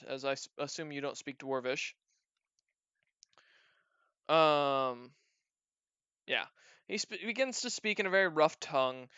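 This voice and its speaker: Smooth-voiced game master narrating. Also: mid-range voice, bright, forceful tone, dry recording, dull audio. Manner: loose, hesitant narration with fillers and restarts.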